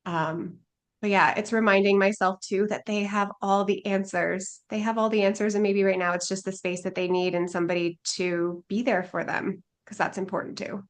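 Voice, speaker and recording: A woman's voice: medium pitch, steady tone, normal speed. A woman life coach talking as a podcast guest, with a mid-range voice. She speaks earnestly and thoughtfully and fills her sentences with casual likes. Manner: earnest and reflective, many filler likes. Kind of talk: casual interview chat.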